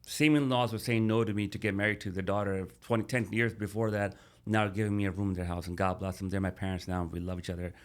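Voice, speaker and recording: A man's voice: fairly low pitch, fairly even intonation, fast talker, hardly any pauses. A middle-aged man, a podcast guest, telling his life story casually and animatedly, calling the host "bro".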